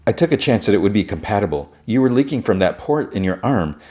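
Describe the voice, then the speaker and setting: A man's voice: lowish voice, big pitch swings, fast talker, dark tone. A man voicing an uneasy, squeamish woman leader who talks hesitantly and nervously.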